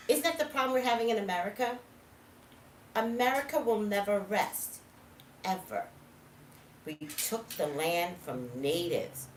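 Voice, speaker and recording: A woman telling a story in casual monologue, animated, swinging from low asides to loud outbursts. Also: a little slow, far from the mic. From California. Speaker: psychic vlogger. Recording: echoey room, voice from off-mic.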